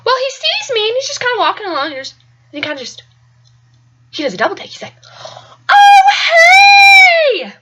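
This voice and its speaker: A woman's voice: very high voice, very animated, fast talker, pauses often, bright, forceful tone. A young woman telling a casual personal story in a chatty, rambling way with lots of fillers. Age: young adult. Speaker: college student storyteller.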